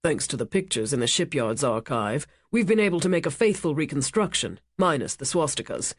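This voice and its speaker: A woman voicing a commanding, wealthy male ship owner who speaks in a measured, authoritative and evasive way. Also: low-pitched, animated, husky, no room sound, studio quality.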